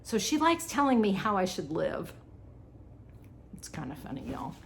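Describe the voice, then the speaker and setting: Speaking at medium pitch with big swings up and down, she keeps a moderate pace and has some vocal fry. The woman, a vlogger and wellness coach, laughs easily as she cooks in her home kitchen and chats, saying "y'all."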